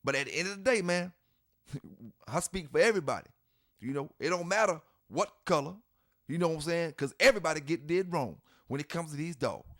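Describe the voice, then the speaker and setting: A man's voice: on the high side, animated, fairly quick. A man hosting his channel, giving fired-up, blunt commentary that swears, repeats points and laughs scornfully. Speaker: channel host. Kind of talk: ranting commentary to camera.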